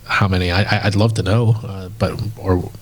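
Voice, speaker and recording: A man's voice: deep voice, steady tone, normal speed. Rambling male podcast host. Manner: rambling, many fillers and restarts. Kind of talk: casual chat.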